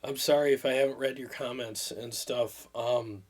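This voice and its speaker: A man's voice: mid-range voice, fairly even intonation, normal speed. A man in his fifties chatting on a livestream, earnest and rambling, at times emotional as he thanks viewers. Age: 50s. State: recovering from illness, drained. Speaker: livestream host. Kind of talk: casual livestream chat.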